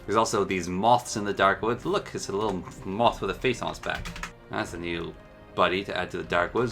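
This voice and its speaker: A man's voice: low-pitched, brisk, fairly bright tone, faint music behind. A man giving casual, enthusiastic commentary while showcasing a game mod, chatting and musing aloud as he goes.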